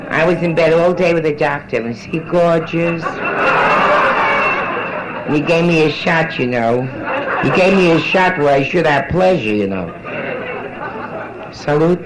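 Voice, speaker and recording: On a vintage live club record with a band, a middle-aged woman with a low-pitched voice performs bawdy nightclub stand-up, brassy and boozy, teasing the audience between jokes. A live band plays and the background is noisy.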